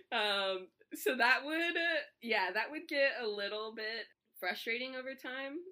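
A woman's voice: on the high side, unhurried, sharp tone. A woman talking casually as a guest, chatty and laughing between thoughts. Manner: chatty, lots of fillers and laughs. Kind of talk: casual chat.

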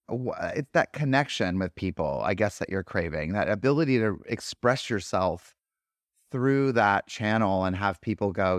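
A man's voice: mid-range voice, no echo. A male podcast host musing aloud in a loose solo monologue, stopping and restarting his thoughts as he goes. His asides turn wry and outspoken, in a mid-range voice recorded close and dry. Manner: rambling, candid, self-interrupting.

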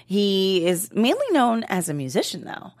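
A woman's voice: medium pitch, very animated, normal speed, darkish tone. A woman co-hosting an aftershow, chatting casually and explaining at length with plenty of fillers. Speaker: aftershow co-host. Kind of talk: casual chat.

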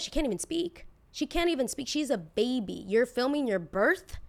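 A woman's voice: on the high side, sing-song, normal speed, vocal fry. A woman in her twenties hosting a podcast, talking in a blunt, indignant, casual way, full of "like" and the odd swear word. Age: 20s. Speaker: podcast host. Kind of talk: casual opinion podcast monologue.

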